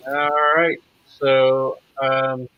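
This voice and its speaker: A man's voice: medium pitch, little pitch movement, extremely slow, clean tone. A man playing a tabletop game, casual and hesitant with fillers. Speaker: player. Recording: dull lo-fi sound.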